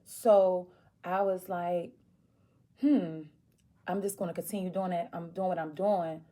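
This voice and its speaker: A woman vlogger tells a personal story in a casual way, acting out the people she quotes. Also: unhurried. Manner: animated, acts out quoted voices with big pitch jumps.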